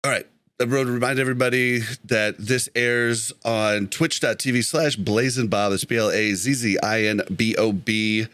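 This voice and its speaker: A man's voice: medium pitch, a bit bright, dry recording. A man hosting a casual gaming podcast over an online call, laughing easily and correcting himself as he goes. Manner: laughs often, loose and self-correcting. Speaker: podcast host.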